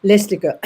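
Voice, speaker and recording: A woman's voice: medium pitch, creaky, breathy edge, rough recording. A woman from Denmark with a Danish accent, telling anecdotes to an audience and acting out the voices in them. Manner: lively, acts out voices in her anecdotes, with halting restarts. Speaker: speaker at an audience evening.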